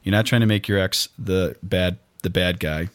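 A man co-hosting a casual conversation, explaining things in a measured way and checking that the listener follows. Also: deep voice, no echo.

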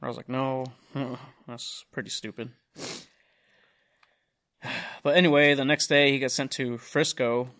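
A man's voice: mid-range voice, steady tone, a little slow, long pauses, a bit bright. Profane young man telling a rambling story. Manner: rambling, profane, retells dialogue in quotes. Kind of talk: casual storytelling chat. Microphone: studio mic.

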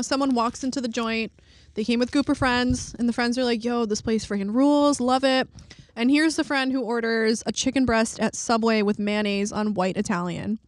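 A woman's voice: fairly high pitch, no echo. A woman co-hosting a casual food podcast, chatty and rambling, using slang. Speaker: podcast co-host. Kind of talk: casual chat.

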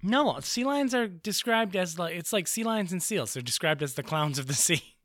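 A man of middle pitch with a bright, sharp tone, co-hosting a relaxed podcast. He throws in quick, wry jokes between his partner's lines, and the voice sounds close and dry. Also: dry recording. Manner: wry, quick jokey asides. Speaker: podcast co-host. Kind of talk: casual chat about comics.

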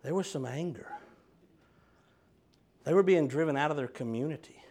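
A middle-aged man, preaching a sermon with animated swings from quiet talk to loud fervor. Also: fairly high pitch, normal speed, slight background noise.

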